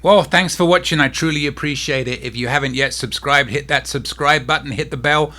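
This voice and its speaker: A man hosting a casual cruise vlog at home, talking softly because his face is sore, with frequent asides to a restless cat. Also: on the high side, brisk. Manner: talks softly, easily distracted by a restless cat.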